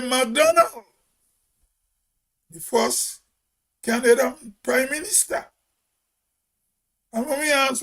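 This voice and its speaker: A Grenadian man with a very high voice holds forth in a casual monologue. He talks slowly and emphatically, repeating key words to drive each point home. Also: a bit bright. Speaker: host.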